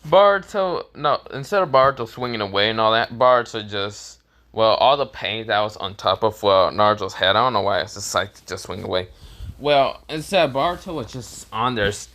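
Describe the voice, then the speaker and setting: A man's voice: fairly low pitch, animated, moderate pace, sharp tone. A man casually telling a fan-made story, rambling, searching for words and laughing at his own jokes.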